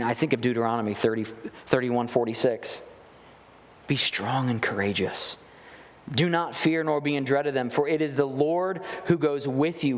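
A man preaching a sermon, reading scripture slowly and then explaining it with emphatic repetition. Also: mid-range voice. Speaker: pastor. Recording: long reverb of a large hall.

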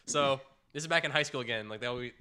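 A young man co-hosting a casual podcast tells animated stories packed with "like" fillers. His bright, forward voice flows fast and smooth, leaping high whenever he quotes someone.

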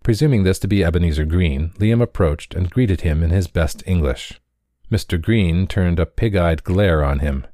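A man narrating a short story in a measured, steady way. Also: sits low, no room sound, studio quality. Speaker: audiobook reader.

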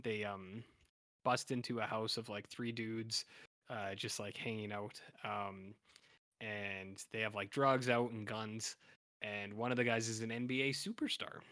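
A man's voice: medium pitch, a bit bright, no room sound, studio quality. A man co-hosting a podcast, casually recapping an episode in a rambling way, full of fillers and restarts. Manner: rambling, filler-heavy storytelling. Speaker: podcast co-host.

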